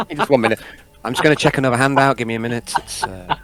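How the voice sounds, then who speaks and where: A man's voice: medium pitch, fast, a bit bright. Rambling man running a tabletop game. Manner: rambling, self-deprecating, scattered. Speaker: game master.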